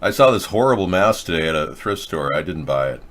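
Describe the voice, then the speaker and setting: Rambling middle-aged man with a low voice. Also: big pitch swings, fairly quick, fairly bright tone. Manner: rambling, sarcastic, drifts between topics. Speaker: host. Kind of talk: casual rambling monologue.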